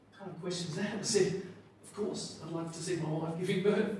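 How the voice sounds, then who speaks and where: A man performing a stand-up comedy routine as MC at a corporate gala dinner, telling a story with animated, self-deprecating asides. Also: high voice, fast, few pauses, a little hiss or hum. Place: large function room at a gala dinner. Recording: echoey hall, distant mic, audience laughter.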